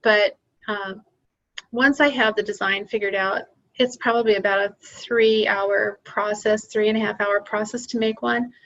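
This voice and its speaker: A woman's voice: medium pitch, steady tone, unhurried, fairly bright tone, dull audio. A woman who sells handmade crafts, talking about her work time in a hesitant way, thinking aloud with ums. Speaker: craft seller being coached. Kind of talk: casual conversation.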